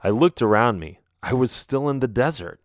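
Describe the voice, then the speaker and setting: A male audiobook narrator gives an expressive storybook reading in scripted narration. His voice sits at medium pitch, moves at a normal speed, and is recorded with studio quality and no room sound.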